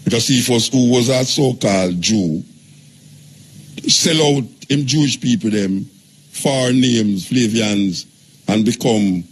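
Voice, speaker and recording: A man's voice: fairly low pitch, slightly rough. A man with a Jamaican accent hosting a radio talk show, preaching in drawling patois and teasing his callers.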